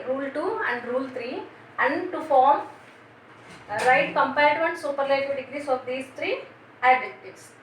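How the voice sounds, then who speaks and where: Female teacher, bright and sharp, drills spellings with questions to children; recorded off-mic in a booming room. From India. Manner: spells words letter by letter and quizzes the children. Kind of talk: classroom grammar lesson. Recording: very echoey room, voice from a distance, faint noise.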